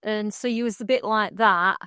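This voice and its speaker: A woman's voice: mid-range voice, normal speed, sharp tone, clean tone, dry recording, studio quality. A middle-aged woman, co-hosting a podcast and telling a long, heartfelt story in casual chat, rambling and laughing along the way. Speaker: podcast co-host.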